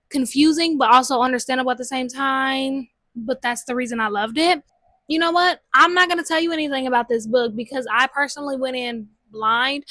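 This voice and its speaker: Young female book vlogger, high-ish voice, dry room sound, casual and slangy. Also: no echo. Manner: chatty, slangy, lively. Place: home room with a TV.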